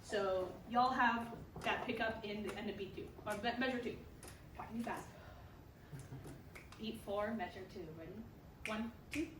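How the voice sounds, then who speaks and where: Encouraging and upbeat, a woman teaches a school band in rehearsal and sings rhythms for the players. Her medium-pitched voice moves at a moderate pace with frequent pauses. The room is echoey, the mic distant, and the background noisy with band instruments.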